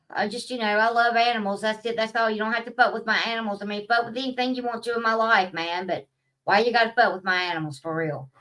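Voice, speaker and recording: A woman rants to camera in a bright, fairly high voice, blunt and full of swearing. She rambles loosely from thought to thought, and her voice sits a little back from the mic. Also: steady tone, fast talker, distant mic. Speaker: vlogger. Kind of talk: casual rant to camera.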